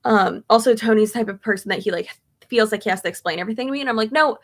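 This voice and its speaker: A woman's voice: a little high, racing. A young woman chatting casually, answering viewer questions with lots of fillers and tangents. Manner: chatty, rambling with many fillers. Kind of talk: casual chat.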